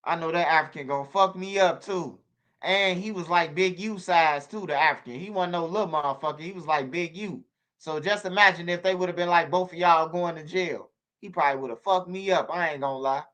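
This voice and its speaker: A man hosting a stream, telling stories in a slangy, animated way and repeating himself. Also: a little high, brisk. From Chicago. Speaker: channel host on a livestream. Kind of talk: casual storytelling to viewers.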